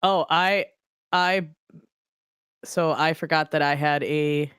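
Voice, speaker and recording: A man chatting excitedly with friends on a live stream call. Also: fairly high pitch, takes it slowly, clear, resonant tone, no echo, studio quality. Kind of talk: casual group chat on a live stream.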